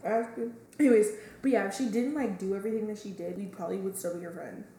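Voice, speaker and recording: A woman's voice: medium pitch, fast talker, warm tone. A young woman co-hosting a podcast, telling childhood stories in a giggly, slangy way. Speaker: podcast co-host. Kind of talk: casual chat. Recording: echoey room with faint background noise.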